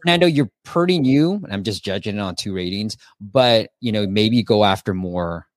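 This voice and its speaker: A man's voice: on the low side, expressive, normal speed, no room sound, clean studio sound. A man hosting a casual live stream, reviewing apps and giving advice in a chatty way with lots of fillers.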